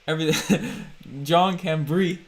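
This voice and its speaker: A man's voice: fairly high pitch, slow pace, gravelly. Chatty laughing podcast host man. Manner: chatty, laughing, hyping the channel. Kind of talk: casual livestream chat.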